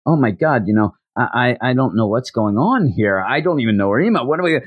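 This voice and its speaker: A man's voice: medium pitch, lively intonation, brisk, husky, no room sound, narrow, tinny audio. A man voicing a flustered teenage boy who dreams of making manga, talking in frantic, self-doubting bursts. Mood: confused.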